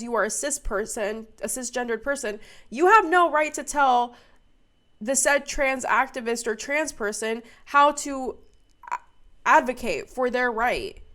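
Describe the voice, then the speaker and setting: A woman's voice: on the high side, a little slow, fairly bright tone. A young woman streamer giving fired-up, profane commentary. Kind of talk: heated commentary.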